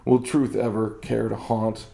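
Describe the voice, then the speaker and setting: A man and podcast host giving an overwrought, theatrical comedic story reading, swinging from hushed to frantic and sometimes breaking into laughter. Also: fairly low pitch, level tone, unhurried, vocal fry. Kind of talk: melodramatic comedic first-person story reading.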